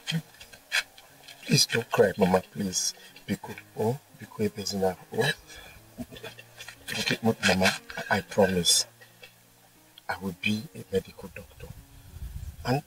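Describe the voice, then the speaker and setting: A man's voice: on the low side, a little slow, pauses often, a bit bright, a little hiss or hum. A young Nigerian man acting in a film drama as an earnest village son who pleads and repeats himself. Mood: pleading. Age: young adult. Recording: distant mic with faint music.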